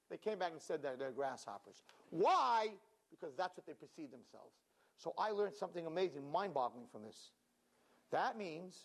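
An animated male rabbi preaches with plenty of emphasis. His voice sits slightly high for a man, and he slips readily into acted-out quotes. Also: husky. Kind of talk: sermon.

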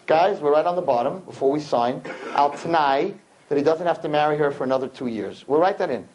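Man, rabbi's storytelling sermon, animated, slightly high voice, faint hiss. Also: a little fast, roomy sound, poor audio. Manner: animated storyteller acting out quotes, swinging loud and high. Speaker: rabbi giving a talk to young people. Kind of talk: storytelling sermon to a live audience.

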